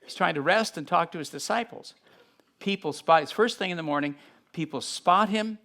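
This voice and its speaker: Animated man teaching the Bible. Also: sits high, moderate pace. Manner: animated, acts out scenes with sudden shifts in loudness. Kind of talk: Bible teaching, reading aloud with asides.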